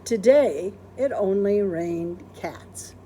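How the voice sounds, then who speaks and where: An earnest, wide-eyed young housekeeper speaks politely in a storybook, as a woman reads her. Her pitch swings up and down with plenty of life, and she sounds sincere and a little puzzled. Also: lively intonation, takes it slowly, warm tone, a little hiss or hum. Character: literal-minded cheerful young housekeeper woman.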